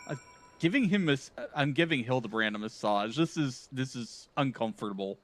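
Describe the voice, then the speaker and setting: While streaming a game, a man reacts with incredulous, laughing comments in casual commentary. His medium-pitched voice has lively intonation and a moderate pace, with no room sound.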